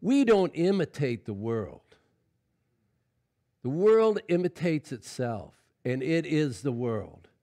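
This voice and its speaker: A middle-aged man preaching a sermon as pastor, folksy and conversational, swinging from loud exclamations to quiet asides and often calling out "Amen?". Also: on the high side, big pitch swings, takes it slowly. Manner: folksy preaching with frequent "Amen?" call-outs.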